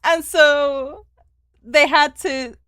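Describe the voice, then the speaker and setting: A woman's voice: high voice, steady tone, very slow, a bit bright, no echo, shouting, studio quality. A young woman giving casual, chatty gaming stream commentary, often giggling and reading game lines aloud.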